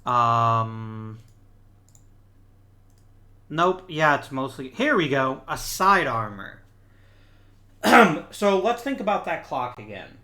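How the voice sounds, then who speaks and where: A man's voice: medium pitch, sing-song, takes it slowly, pauses often, pushed and bright, echoey room. A man hosting a gameplay video, explaining things casually and correcting himself as he thinks aloud. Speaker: gaming video host.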